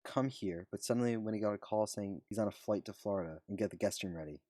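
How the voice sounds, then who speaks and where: A man's voice: on the low side, fast talker, mellow, no room sound, studio quality, lightly acted. Wilbur, a polite wry young Brit, read by a man. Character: young British man, chatty family man.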